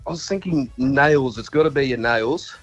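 A man's voice: mid-range voice, measured pace, no echo, faint music behind. An Australian tradesman calling in to a radio show, friendly and a little hesitant. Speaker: caller, tradesman. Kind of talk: casual call-in chat. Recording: dull phone line.

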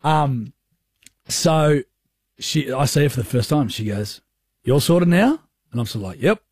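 A man's voice: mid-range voice, measured pace, slightly rough, dry recording, clean studio sound. A man co-hosting a drive-time radio show, teasing his co-host and laughing often. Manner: teasing, laughs often, relaxed mate talk.

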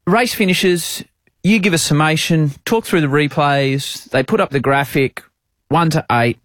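A middle-aged Australian man, a sports broadcaster who hosts a podcast, tells self-mocking stories about broadcasting in casual chat. His voice is on the high side and unhurried, his storytelling animated, and the recording is dry.

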